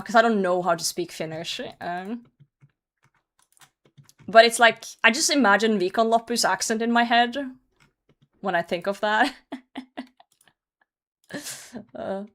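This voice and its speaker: Chatty young woman streaming a game. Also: mid-range voice. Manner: chatty, answers chat, laughs often, swears casually. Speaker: live streamer. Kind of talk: casual live-stream chat while gaming.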